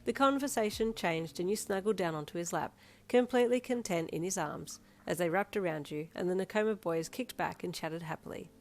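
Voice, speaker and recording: A woman reading second-person fanfiction aloud with brisk, lively storytelling. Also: lowish voice. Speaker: fanfiction reader.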